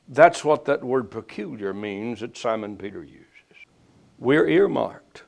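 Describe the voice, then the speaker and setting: A man preaching a sermon, swelling to loud emphatic peaks and then dropping low and slow. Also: animated, creaky.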